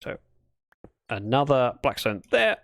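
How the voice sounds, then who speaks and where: British male streamer, chatty, mid-pitched with some fry, animated delivery. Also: unhurried, no echo. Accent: British English. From Britain. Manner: chatty, thinks aloud while building, talks to chat. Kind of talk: casual livestream chat while gaming.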